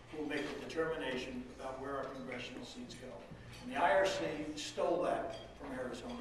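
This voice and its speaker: A man's voice: medium pitch, background noise. A middle-aged man giving a folksy, rousing political rally speech as a state legislative leader, heard from some distance in a large room. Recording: echoey hall, far from the mic.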